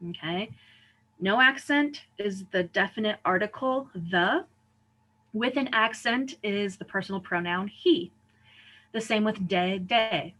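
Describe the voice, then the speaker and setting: A woman's voice: mid-range voice, fairly bright tone, low-quality recording. A woman teacher giving a recorded lesson, explaining patiently and often checking in with "right?" and "okay?". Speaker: Spanish teacher.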